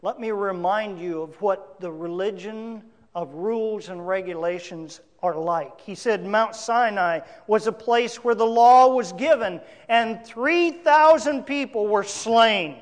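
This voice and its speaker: A male pastor preaching a sermon, emphatic, with big swings between loud declarations and quiet asides. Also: sits high, measured pace, big-room sound.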